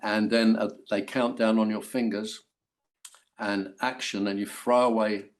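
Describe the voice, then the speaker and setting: An older English actor telling stories in an interview, animated and full of restarts. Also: male voice, on the low side, unhurried. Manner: animated storytelling with many restarts. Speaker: actor guest. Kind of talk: anecdotal interview.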